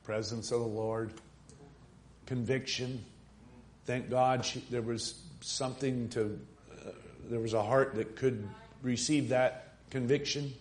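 A male preacher delivers a sermon in an ordinary middle-pitched voice. He narrates a story in a conversational way and pauses to put rhetorical questions to his listeners. He swells into strong, pleading exhortations. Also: fairly even intonation, a little hiss or hum. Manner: builds from quiet musing to rising, emphatic appeals.

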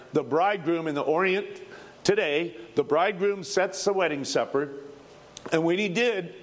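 A man preaching a revival sermon in a folksy, fervent manner, rising to shouts, on an old archival recording. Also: a little high.

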